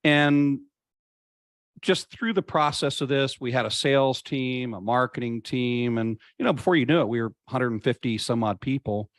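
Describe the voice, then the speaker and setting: A man of middle pitch talks as an interview guest. He is earnest and reflective and drags out words when he wants them to land. The sound is dry and close, with no room echo. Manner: earnest, reflective, slows down to stress points. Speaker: podcast guest. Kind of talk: conversational interview storytelling.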